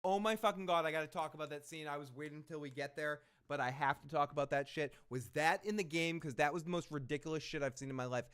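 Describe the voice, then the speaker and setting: An excitable man hosts a loose recap chat, joking and swearing as he goes. His voice sits a bit high and sounds smooth and resonant. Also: fast talker, few pauses. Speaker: podcast host.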